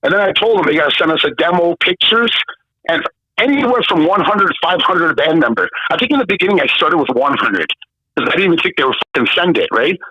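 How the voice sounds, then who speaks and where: A man of about fifty from Canada tells his story in a high, bright, forceful voice, cursing at every turn and acting out the other people in it. The sound is dry and a little dull, like a lo-fi recording. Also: quick pace, breathy edge, no room sound. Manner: swearing, animated, acts out the people in his story. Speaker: guest. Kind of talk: casual storytelling interview.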